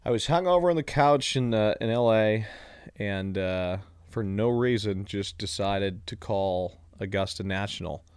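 A young man, a comedian guest on a podcast, telling stories casually with lots of profanity, acting out voices and bursting loud at punchlines. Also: lowish voice, a little slow, clean tone, no room sound, clean studio sound. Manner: profane, animated storyteller, loud bursts when acting out calls. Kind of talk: casual chat.

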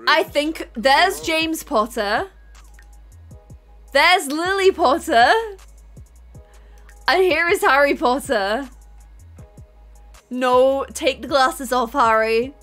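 A woman's voice: sits high, drawn-out words, pauses often, fairly bright tone, faint music behind. A woman playing a life-sim game and commenting, theatrical, playfully menacing and giggly. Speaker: gaming YouTuber. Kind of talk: playful let's-play commentary.

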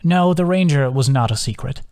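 A man's voice: medium pitch, moderate pace, a little mellow, close to an everyday voice. A man voicing a cruel, sarcastic old hag witch in an audiobook, mocking and sneering. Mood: cold.

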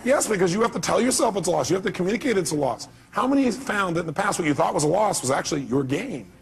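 High-voiced, emphatic motivational speaker. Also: male voice, animated, fast, creaky. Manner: emphatic, fires rhetorical questions at the audience. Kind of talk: live seminar talk.

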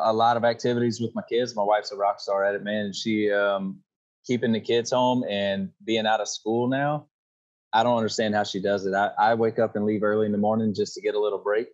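Low-voiced man with a Louisiana accent. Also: muffled recording. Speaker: podcast guest. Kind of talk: casual chat.

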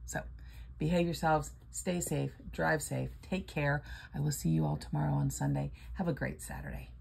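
A woman's voice: low voice, steady tone, normal speed, gravelly, a little mellow, slightly rough. An older woman casually chatting and reading out numbers while scratching lottery tickets, playful and sleepy. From Florida. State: sleepy, yawning.

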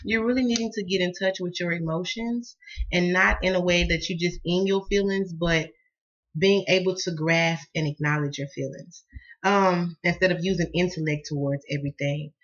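A woman's voice: on the low side, moderate pace, highs cut off. A woman with a Southern American accent giving a casual tarot reading, laughing often and cussing freely as she tells stories. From Southern United States. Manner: laughs often, cusses, lively storyteller. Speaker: tarot card reader.

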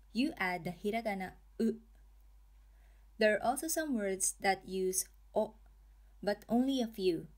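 A woman narrating a pronunciation lesson at an unhurried, deliberate pace. Her pitch sits in an ordinary middle range. She draws out each example word with careful, clear articulation. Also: a little mellow. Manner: slow, careful, drawn-out pronunciation. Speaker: language teacher.

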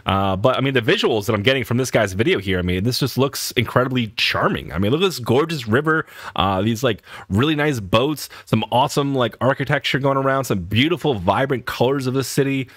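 A man's voice: mid-range voice, no room sound, clean studio sound. A man from Boston with an American accent, chatting casually as he reacts to a video, with lots of fillers. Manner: animated, chatty, many fillers.

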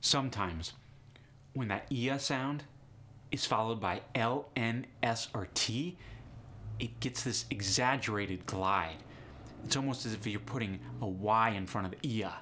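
Slow-talking, jokey male accent coach. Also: fairly low pitch, bright, forceful tone, a little hiss or hum. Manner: jokey, teasing, upbeat. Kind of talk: instructional video lesson.

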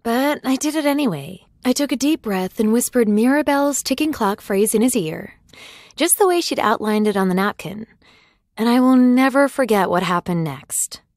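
A woman's voice: on the high side, lively intonation, moderate pace, dry recording, clean studio sound. A woman telling a dramatic, confiding personal story as scripted narration for a sales ad.

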